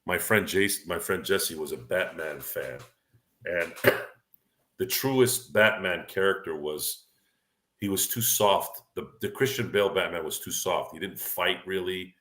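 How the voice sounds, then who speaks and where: A deep-voiced man hosts a casual talk show, talking in an opinionated and rambling way. His voice is low, bright and forceful, and he often restarts his sentences. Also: measured pace. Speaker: podcast host. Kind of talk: casual sports and movie chat.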